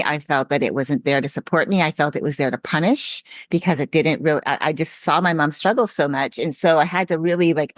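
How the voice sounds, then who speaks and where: A woman's voice: sits low, dry recording. A woman hosting a podcast interview, talking earnestly and reflectively, openly emotional. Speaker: podcast host. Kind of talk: interview conversation.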